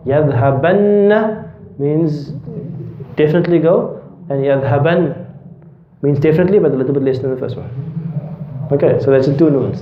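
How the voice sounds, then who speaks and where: A man's voice: a little high, a little hiss or hum. Man teaching a class in a roomy classroom. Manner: asks the class questions and answers them himself, repeats key terms. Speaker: Arabic grammar teacher. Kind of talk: classroom lesson. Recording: roomy, dull lo-fi classroom recording.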